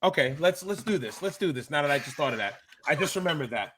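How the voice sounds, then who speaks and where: Fired-up bright-voiced man ranting. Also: fairly high pitch, animated, fast talker, breathy edge. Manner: worked-up fan ranting, emphatic and exasperated. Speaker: wrestling podcast co-host. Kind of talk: casual chat.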